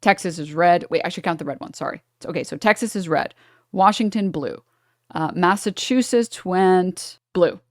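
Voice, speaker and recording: A low-voiced woman from New York doing live stream commentary at a desk mic. She talks down to her chat with heavy sarcasm while muttering through charts, and the sound is close and dry with no room around it. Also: normal speed, dry recording. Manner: sarcastic, condescending toward chat; thinks aloud while checking charts.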